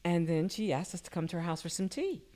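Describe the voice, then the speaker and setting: An older woman telling personal stories in casual conversation, her voice jumping up whenever she quotes someone. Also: fast. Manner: animated, jumps high when quoting people. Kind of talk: casual storytelling.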